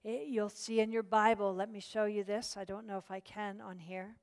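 A woman's voice: medium pitch, steady tone, moderate pace, big-room sound. A woman teaching a Bible study class, encouraging and chatty, with many fillers and restarts.

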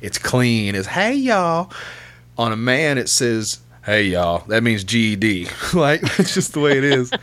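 A man, a guest on a podcast, telling stories in a teasing, animated way and swearing casually. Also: medium pitch, moderate pace, hardly any pauses. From American South.

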